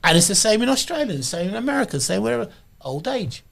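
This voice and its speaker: Husky, gravelly, animated man. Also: quick pace. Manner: emphatic, repeats words, lively swings in pitch. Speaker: podcast guest. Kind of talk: casual interview chat.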